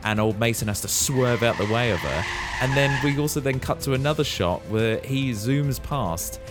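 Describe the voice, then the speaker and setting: A man's voice: mid-range voice, moderate pace, over music. A man co-hosting a podcast, telling a film's action scenes step by step in casual chat. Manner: animated storyteller, recounts scenes step by step. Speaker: podcast co-host. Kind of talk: casual film recap chat.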